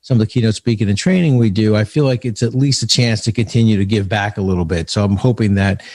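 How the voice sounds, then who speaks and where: Low gravelly-voiced man telling stories. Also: fast talker, darkish tone, no room sound, clean studio sound. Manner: storytelling, earnest, frequent restarts. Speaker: author and leadership speaker, guest. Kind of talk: conversational podcast interview.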